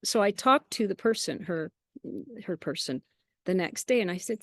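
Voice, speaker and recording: A woman chatting as an interview guest, telling lively anecdotes with quoted asides and frequent small laughs. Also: lowish voice, normal speed, dry recording, clean studio sound. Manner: laughs often between phrases. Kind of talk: casual storytelling.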